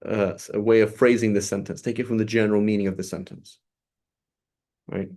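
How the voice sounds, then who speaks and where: A man with a low-set voice teaches grammar to a small group. He works through each point step by step and checks understanding with a quick "right?" after almost every idea. He is heard over a video call. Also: steady tone, darkish tone. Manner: explanatory, checks in with frequent "right?".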